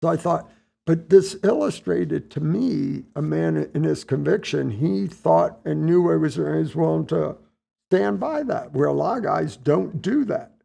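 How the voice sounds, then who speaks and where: A man in his sixties from the United States, telling stories in a relaxed interview, acting out what people said. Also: on the high side, unhurried, gravelly. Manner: relaxed anecdotal storytelling, acts out dialogue. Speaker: podcast guest, retired Navy admiral. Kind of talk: casual storytelling interview.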